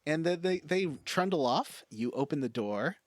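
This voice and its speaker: Animated, rambling man recapping a game. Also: fairly high pitch, moderate pace, no echo. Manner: rambling recap, many fillers. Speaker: podcast co-host. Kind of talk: casual game recap chat.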